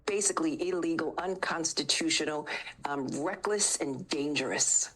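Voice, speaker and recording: Low-voiced woman attorney general, formal. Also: fairly bright tone, breathy edge, rough recording. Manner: measured, formal, lists points with many ums. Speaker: state attorney general, interview guest. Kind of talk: televised news interview.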